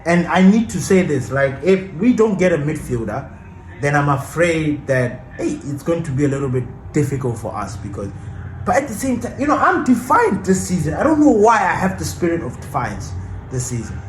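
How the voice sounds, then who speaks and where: A man's voice: on the high side, very animated, normal speed, roomy sound, slight background noise, rough recording. A man hosting a football fan channel, ranting passionately and defiantly about his team in casual commentary.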